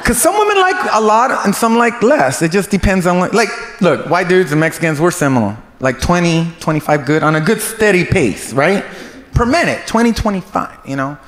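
A male stand-up comedian doing crude crowd work in a club, loud and teasing and often breaking into laughter. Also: high voice, very animated, moderate pace. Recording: noisy live club.

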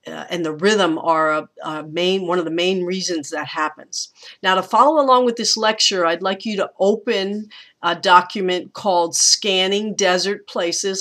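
A woman teaching college English in a recorded online lecture, explaining patiently and reading poem lines aloud slowly. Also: lowish voice, fairly bright tone.

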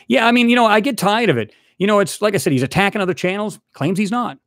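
A man's voice: sits high, animated, fast, hardly any pauses, a bit bright, no echo, studio quality. A man hosting his own channel, ranting heatedly and repetitively at a rival he addresses directly. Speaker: channel host. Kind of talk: angry ranting vlog.

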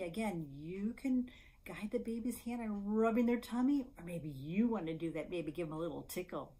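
A woman leading a baby storytime, talking casually about board books and then reading and chanting rhymes in a gentle sing-song with soft whispers in between. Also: mid-range voice, lively intonation, low-quality recording. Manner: gentle, sing-song, slow and drawn-out for babies; casual with fillers and restarts. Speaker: children's librarian.

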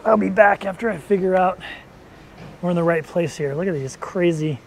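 Male travel vlogger, slightly high voice, rambling, easygoing, faint background noise. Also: moderate pace, gravelly. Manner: chatty, rambling with fillers. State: out of breath. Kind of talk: casual travel vlog. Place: hotel and street in Thailand, walking around.

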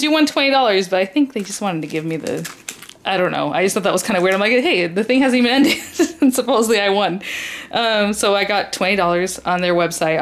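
A woman's voice: mid-range voice, creaky. A woman chatting casually while unboxing craft supplies, rambling and enthusiastic with lots of fillers. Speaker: crafting YouTuber.

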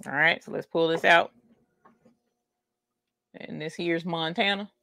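A woman's voice: low voice, unhurried, vocal fry, sharp tone, dry recording, studio quality. A woman with a Southern US country accent, chatting folksily while hosting a craft livestream. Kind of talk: casual livestream chat.

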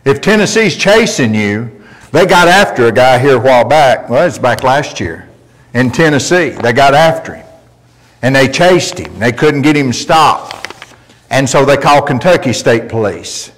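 Folksy preacher in a reverberant church. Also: male voice, mid-range voice, animated, normal speed. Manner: emphatic, folksy storytelling preacher. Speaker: pastor. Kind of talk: sermon. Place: church sanctuary. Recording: long reverb of a church hall.

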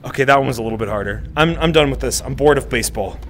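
A male streamer giving casual gameplay commentary, excitable and swearing as he talks back to the game. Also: mid-range voice, racing, slight background noise.

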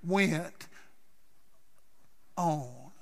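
A man preaching a sermon as pastor, telling a story dramatically and swinging from loud passages to hushed ones. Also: a little high, drawn-out words, gravelly. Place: church sanctuary. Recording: church hall with long reverb.

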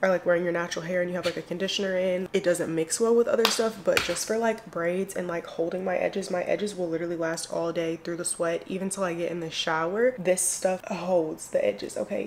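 A woman's voice: lowish voice, gravelly, noisy background. A young woman chatting casually to the camera as a beauty vlogger, loose and slangy, full of "like" and "y'all". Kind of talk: casual get-ready-with-me chat.

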